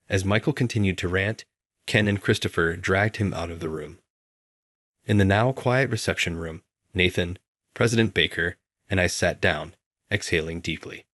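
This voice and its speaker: Deep-voiced man narrating a story. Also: moderate pace, fairly bright tone, no echo, studio quality.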